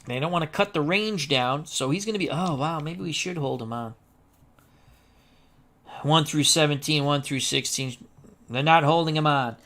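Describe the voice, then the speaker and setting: A man's voice: fairly high pitch, moderate pace, long pauses. A man doing chatty play-by-play for a tabletop baseball dice game, talking to viewers in chat between rolls. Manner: chatty, excitable, rhymes and asides to chat viewers.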